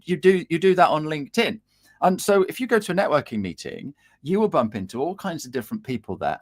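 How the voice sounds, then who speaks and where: Lively man on a video call. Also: mid-range voice. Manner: lively, animated, acts out little dialogues. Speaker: LinkedIn coach, guest. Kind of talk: casual video-call chat. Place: home room with guitars on the wall.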